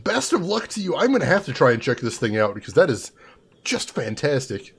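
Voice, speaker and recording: Casting: playful young male streamer, husky and high, bouncing all over the pitch range. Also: sing-song, fairly quick. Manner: playful, chatty, greets viewers by name. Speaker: livestreamer. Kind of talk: casual game livestream commentary.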